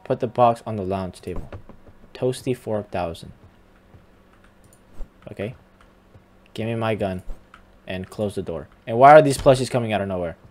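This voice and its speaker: A man's voice: lowish voice, normal speed, pauses often, darkish tone, slight background noise. Teasing young man playing a game. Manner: teasing, talks back to the game characters. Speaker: gamer. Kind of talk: casual game commentary.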